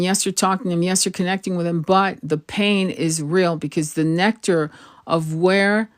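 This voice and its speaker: A woman's voice: on the low side, no room sound, clean studio sound. Frank woman giving spiritual advice. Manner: earnest, frank, swears casually, repeats and restarts phrases. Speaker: tarot reader.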